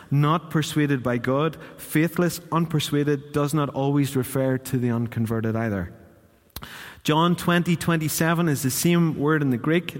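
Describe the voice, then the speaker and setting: A man's voice: on the high side, long reverb tail. A man preaching a sermon in church, chatty and questioning his congregation. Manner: conversational, asks the congregation questions. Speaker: pastor.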